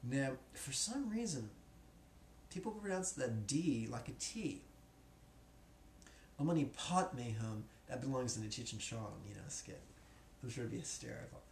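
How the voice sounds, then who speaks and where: A man's voice: mid-range voice, darkish tone. A man teaching as a spiritual teacher, joking and casual, in a classroom. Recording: echoey room, faint noise.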